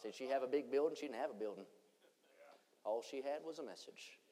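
A man's voice: mid-range voice, a little fast. Man preaching in an echoing hall. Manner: dynamic preaching, swings between shouting and hushed. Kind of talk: revival sermon. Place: church conference hall. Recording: long church hall reverb.

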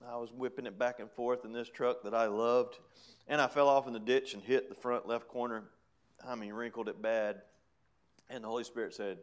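A man's voice: mid-range voice, fairly even intonation, normal speed. A middle-aged man preaching, telling his own story in a chatty way with laughs. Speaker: preacher giving testimony. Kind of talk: sermon testimony.

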